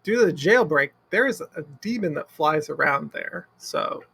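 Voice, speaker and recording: A man playing in a tabletop game, recapping slowly and haltingly while he searches for words. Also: fairly high pitch, expressive, vocal fry, fairly bright tone, a little hiss or hum. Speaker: player.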